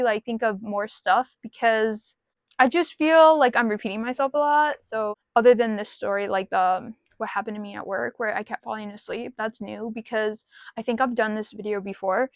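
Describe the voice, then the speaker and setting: This is casual talk to camera: a woman vlogger in her car rambles frankly to viewers, poking a bit of fun at herself, through a small mic attached to her phone. Her pitch sits on the high side, her intonation is fairly even, and she goes at a normal speed with no room sound.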